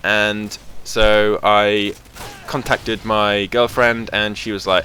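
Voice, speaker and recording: A man's voice: on the low side, little pitch movement, takes it slowly, noisy background. A young man chatting casually over gameplay footage as host of his gaming channel, rambling with lots of fillers. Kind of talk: casual game commentary.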